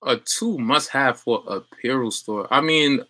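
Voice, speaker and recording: A man's voice: medium pitch, unhurried, sharp tone, dry recording. A young adult man chatting loosely on a livestream as a business coach, full of fillers and restarts while reading viewer comments.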